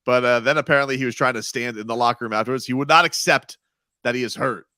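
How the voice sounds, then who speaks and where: Man, sports radio host, bright voice, dry close sound, rambling casual talk. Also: mid-range voice, quick pace, no room sound. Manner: rambling, self-interrupting, reads ad lines.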